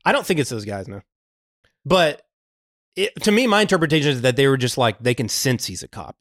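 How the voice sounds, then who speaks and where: A man's voice: medium pitch, fairly quick, no room sound, clean studio sound. A man hosting a podcast, chatting casually about a film, acting out lines and laughing often. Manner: animated, acts out movie lines, laughs often. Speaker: podcast host.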